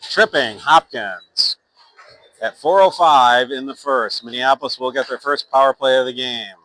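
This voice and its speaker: Over a rough recording, a play-by-play man with a sharp, medium-pitched voice calls youth hockey at a normal speed. He's casual and rambling, with fillers and self-corrections, and reads sponsor plugs between plays.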